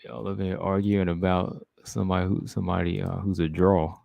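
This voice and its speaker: A man's voice: low voice, level tone, brisk, vocal fry, darkish tone, dry recording. A man hosting a casual livestream, reading viewer comments aloud and answering them in a laid-back way. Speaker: livestream host reading chat.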